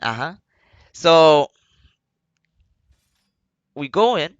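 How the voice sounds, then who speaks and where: A man's voice: fairly high pitch, sing-song, extremely slow, clear, resonant tone, dry recording, dull audio. A young man telling a story casually and profanely on a live stream, laughing as he goes. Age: young adult.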